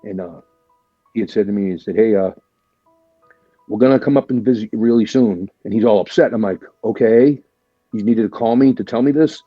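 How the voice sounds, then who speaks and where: A man with a low, husky voice recounts his past in a candid, profane way and peppers it with "right?" His tone is dark and mellow. The audio is dry and a bit dull, with faint music under it. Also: brisk, pauses often, no room sound. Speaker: podcast guest, military veteran. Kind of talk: casual storytelling.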